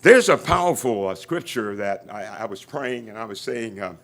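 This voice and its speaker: A man's voice: lowish voice, big pitch swings, normal speed, vocal fry. Fervent man leading an outdoor prayer. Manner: fervent, rising to near-shouts, leads crowd responses. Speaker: pastor giving an invocation. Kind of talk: prayer and call-and-response. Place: outdoor groundbreaking event.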